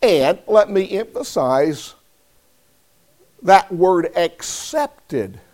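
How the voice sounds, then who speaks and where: Slow, high-voiced preacher. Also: male voice, lively intonation, a little mellow. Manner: slow, deliberate, calls on listeners by name. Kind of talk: sermon.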